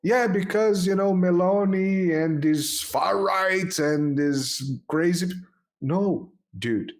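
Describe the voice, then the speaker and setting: A man hosts a casual political talk show in a fairly high voice. He is sarcastic and plays out imagined arguments with dismissive, scolding asides. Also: takes it slowly. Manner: sarcastic, acts out imagined dialogues.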